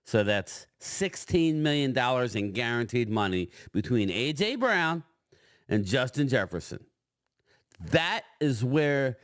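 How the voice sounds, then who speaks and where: A man giving opinionated sports commentary, arguing his points in an animated way and addressing a panel directly. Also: medium pitch, dry recording, clean studio sound.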